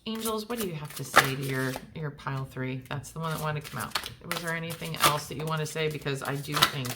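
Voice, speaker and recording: Low-voiced woman giving a tarot reading. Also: quick pace, hardly any pauses, very noisy. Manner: chatty, many fillers and restarts; reassuring, speaks directly to viewer. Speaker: tarot reader. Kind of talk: casual pick-a-card reading.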